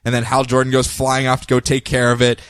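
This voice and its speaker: A man co-hosting a podcast, casually recapping comic book stories in a jokey, animated way and dropping into silly voices. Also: medium pitch, fast, smooth, no echo. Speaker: podcast co-host.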